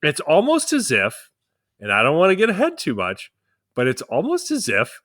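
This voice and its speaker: A man's voice: fairly high pitch, moderate pace, dry recording, clean studio sound. A man co-hosting a podcast, chatting casually with profane, jokey asides. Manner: profane, jokey, animated storytelling. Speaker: podcast co-host. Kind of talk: casual chat.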